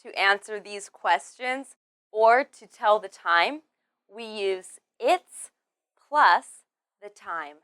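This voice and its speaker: A woman teaching English pronunciation, drilling words one by one and stressing each clearly. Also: mid-range voice, slow pace, a bit bright, no room sound, clean studio sound. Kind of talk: slow, deliberate pronunciation lesson.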